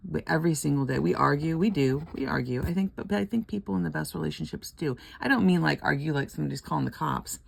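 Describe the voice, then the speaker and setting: A woman's voice: sits low, fast, creaky, hardly any pauses, no room sound. An older woman chatting casually at home while scratching lottery tickets, rambling, laughing often and murmuring letters half under her breath.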